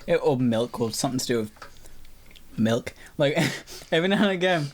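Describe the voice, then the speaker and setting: A young man hosts a podcast, chatting casually, rambling, and swearing as he munches on cookies. His mid-range voice is animated and moves at a normal speed.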